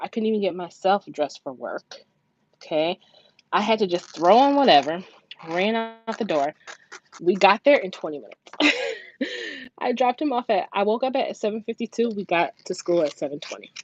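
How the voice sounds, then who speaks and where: A chatty woman in her thirties tells her story in an animated way, swearing freely and jumping into higher voices when she quotes others. Her voice sits in a middle range. The recording is a little dull and lo-fi, with a faint hiss underneath. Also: moderate pace, long pauses. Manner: acts out quoted voices in raised pitch. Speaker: budgeting vlogger, mother. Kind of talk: casual storytelling to camera. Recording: dull lo-fi sound with faint noise.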